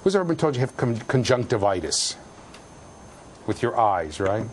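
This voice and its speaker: Animated, jokey male lecturer. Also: medium pitch, moderate pace, a little hiss or hum. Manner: animated, jokey, shouts for emphasis. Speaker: university lecturer. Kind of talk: classroom lecture. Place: lecture hall with students.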